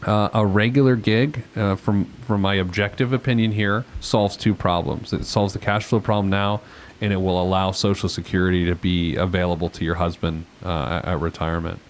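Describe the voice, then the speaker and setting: A man's voice: low voice, level tone, a little fast, slight background noise. A man hosting a financial advice podcast, chatting casually with a caller, rambling with lots of fillers and self-deprecating asides. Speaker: financial planner and podcast host.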